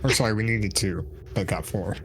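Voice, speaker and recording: A man's voice: on the low side, moderate pace, slight background noise. A man playing a tabletop game, upbeat, double-checking the rules and counting his successes aloud. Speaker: player.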